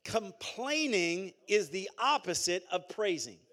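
Pastor guy preaching, kinda high voice, lots of call and response, chatty. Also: very animated, slow, a bit bright. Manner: conversational, repeats phrases. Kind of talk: sermon.

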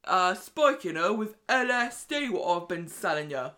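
A woman's voice: medium pitch, big pitch swings, moderate pace, sharp tone. A woman doing a smug southern English blackmailer. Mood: menacing. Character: smug male blackmailer, cocky.

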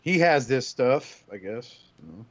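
A man's voice: mid-range voice, big pitch swings, takes it slowly, no echo. Crude joking man on a lo-fi podcast mic. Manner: crude joking retelling with put-on character voices. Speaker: podcast host. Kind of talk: casual podcast banter.

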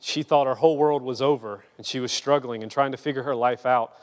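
A young man preaching a sermon in a casual, storytelling way, sometimes lively and sometimes hushed and earnest. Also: medium pitch, a little fast, big-room sound.

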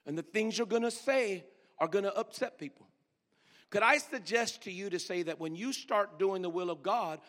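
Male pastor, very high voice, emphatic sermon delivery, church with long reverb. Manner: emphatic preaching, swinging from shouts to low asides. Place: church sanctuary.

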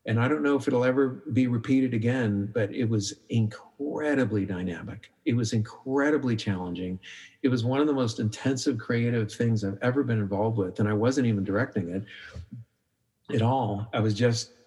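Middle-aged man, filmmaker guest, casual podcast chat, storytelling, many restarts, average pitch. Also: normal speed. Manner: animated storyteller, acts out his own inner voice; frequent restarts and filler "like".

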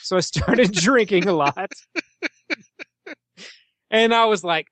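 A man's voice: high voice, slow pace, pauses often, a bit bright, no room sound. A young man co-hosting a podcast, chatting casually about a film, laughing often and swearing freely. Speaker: podcast co-host. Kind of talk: casual film-discussion chat.

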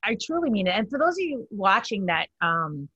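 A woman hosting a casual chat, upbeat and quick to laugh. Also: mid-range voice, sing-song, fairly bright tone, husky, no room sound, highs cut off. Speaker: host.

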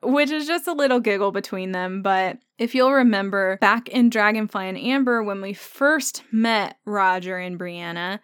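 A woman's voice: mid-range voice, normal speed, hardly any pauses, fairly bright tone, smooth, no echo. Woman podcast host, conversational and musing, resonant tone in a dry booth sound. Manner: thoughtful, conversational, thinking aloud with fillers. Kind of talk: solo podcast episode discussion.

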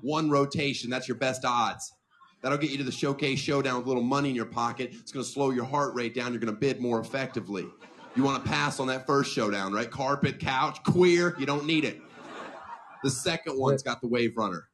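Deadpan male stand-up comic. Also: medium pitch, a little fast, slight background noise. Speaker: stand-up comedian. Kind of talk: stand-up comedy set.

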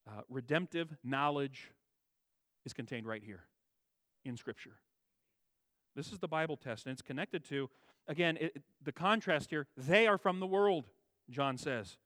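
A man preaching a sermon, stressing key words with a raised voice and dropping to quiet low asides, restating phrases for emphasis. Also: expressive, slow pace, long pauses, dry recording. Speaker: pastor.

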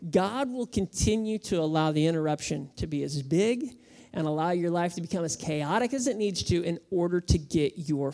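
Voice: mid-range voice, darkish tone. A pastor preaching a sermon, conversational and humorous with emphatic moments.

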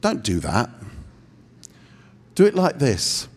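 A man's voice: fairly high pitch, wildly swooping pitch, a little slow, vocal fry, pauses often, husky. A man teaching on prayer, acting out little scenes with self-deprecating humor. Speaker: speaker at a prayer training session. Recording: long hall reverb.

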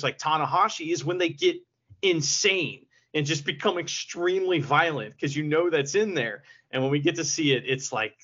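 Enthusiastic male co-host, bright higher voice, lo-fi podcast sound. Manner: enthusiastic, laughs along, sprinkles in "like". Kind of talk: casual wrestling chat.

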